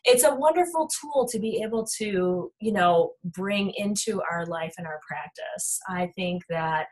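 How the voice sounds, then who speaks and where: A woman's voice: mid-range voice, a little slow. A middle-aged woman clinician hosting a webinar, talking reflectively with many fillers as she answers questions. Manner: warm, reflective, many "um"s and "you know"s.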